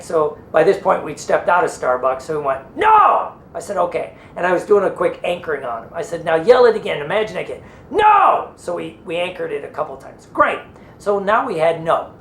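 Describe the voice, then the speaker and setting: A man teaching hypnosis techniques in a loose, rambling way, often slipping into the voices of the people in his story. His voice carries a roomy echo. A faint low rumble sits underneath the recording. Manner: rambling, acts out what people said. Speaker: hypnosis and NLP trainer. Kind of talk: conversational teaching through a story.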